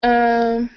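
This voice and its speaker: A chatty young woman hosts a relaxed live stream from her bed, reading out viewer comments and answering with frequent giggles and "like"s. Her throat sounds a little sore, and the webcam audio comes through dull and lo-fi. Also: a little high, gravelly. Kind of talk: casual live chat. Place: in bed at home.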